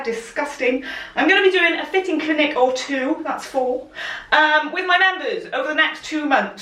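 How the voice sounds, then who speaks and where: A woman's voice: sits high, fairly bright tone. A woman teaching a live-streamed sewing lesson, chatty and encouraging, a little out of breath as she moves around. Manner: chatty and encouraging, laughs often. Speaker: sewing pattern instructor. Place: room, speaking while moving in front of camera. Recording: echoey room, voice a bit far from mic.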